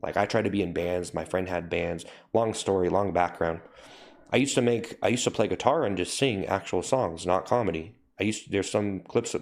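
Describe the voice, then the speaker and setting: A man's voice: fairly low pitch, darkish tone. A young man chatting casually on a livestream, rambling and correcting himself, with lots of fillers. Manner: rambling, self-correcting, says "like" and "you know" a lot. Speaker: livestream host. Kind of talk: casual livestream chat with viewers.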